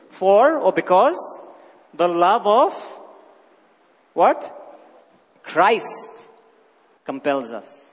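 A man with a high voice preaches in a large hall, and his words ring out with a long echo. He teaches emphatically, asking rhetorical questions and repeating his key points. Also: slightly rough. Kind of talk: sermon.

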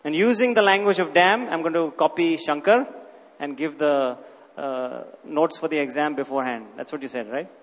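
In a large hall with a long echo, a high-voiced man delivers a sermon at a normal speed. He teaches emphatically, posing rhetorical questions and repeating his key points.

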